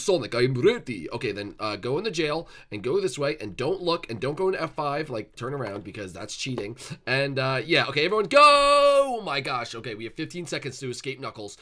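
A man narrates and leads a game roleplay as a gaming video creator, rambling excitedly. His voice is bright and forceful. It sits at a middle pitch but swings up and down a lot. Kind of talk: game roleplay, playing Sonic.

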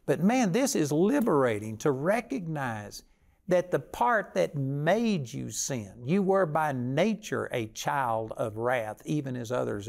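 Older man, preacher, gravelly voice, fairly high, folksy sermon talk. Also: darkish tone.

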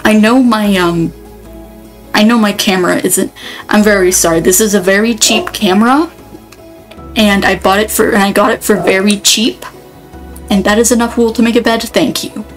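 A woman's voice: medium pitch, fairly even intonation, normal speed, faint music behind, poor audio. A woman giving casual gameplay commentary, rambling and thinking aloud, often cutting herself off mid-sentence. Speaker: let's player.

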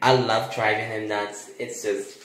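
A performer voicing a sly teenage boy who only pretends to act childish, speaking low, sneaky and gloating in a comedy skit. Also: flat delivery, measured pace, fairly bright tone, reverberant, lightly acted. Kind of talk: one-person comedy skit.

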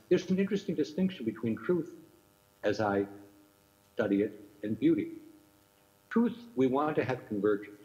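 Speaking to listeners in a different time zone, an older keynote speaker gives a reflective academic lecture, returning again and again to rhetorical questions. He has a dark, fairly low voice. The audio sounds muffled and lo-fi.

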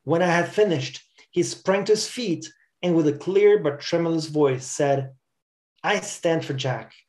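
A man's voice: a little high, normal speed, darkish tone. Preacher guy reading a story out in church, earnest, trips over words now and then. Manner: reads a story aloud, earnest, with small stumbles. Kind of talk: sermon storytelling.

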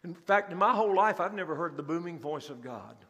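A male pastor preaching a sermon in a church, speaking in an animated, emphatic way and acting out scripture scenes. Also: fairly high pitch, brisk. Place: church sanctuary. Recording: long church hall reverb.

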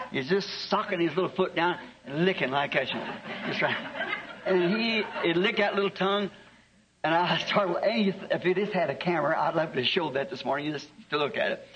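A man's voice: fairly high pitch, fairly bright tone. A man, a preacher telling a homespun story in a sermon, chuckling through his anecdotes. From American South. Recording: dull lo-fi archive tape.

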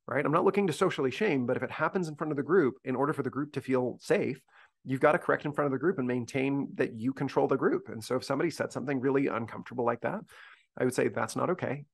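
Give me a man speaking fast and earnestly in a conversational faculty talk, mid-pitched, working his thoughts out as he goes. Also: vocal fry. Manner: earnest, thinks aloud with restarts. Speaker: speaker briefing university faculty.

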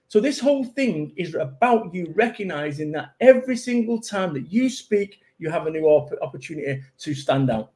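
A man's voice: fairly high pitch, lively intonation, moderate pace, hardly any pauses, a little mellow. A middle-aged man with a Manchester accent, a motivational speaker telling punchy, self-mocking stories in a casual interview chat. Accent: Mancunian. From England.

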